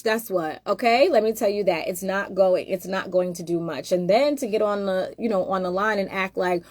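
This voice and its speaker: A woman's voice: mid-range voice, moderate pace, few pauses, dry recording, studio quality. A woman hosting a casual monologue, emphatic and rhetorical, addressing viewers directly. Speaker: host.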